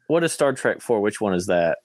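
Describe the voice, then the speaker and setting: A man's voice: on the low side, very animated, fairly quick, crowd noise. An American man co-hosting a casual podcast chat, laid-back, hedging often and swearing casually. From United States. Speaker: podcast co-host.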